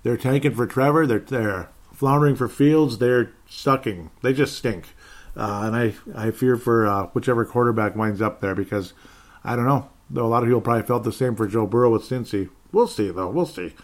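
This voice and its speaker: A man's voice: medium pitch, normal speed. A man hosting a solo football podcast, recapping the week's games in a sarcastic, rambling way, with sighs and chuckles. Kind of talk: casual solo sports recap.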